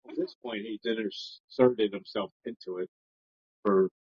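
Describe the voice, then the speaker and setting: Man, low husky voice, lively ups and downs, casual book talk, dull lo-fi sound. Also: dry recording. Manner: jokey, rambling, quick swings in pitch. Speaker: podcast co-host. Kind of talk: casual book club chat. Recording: dull lo-fi home podcast audio.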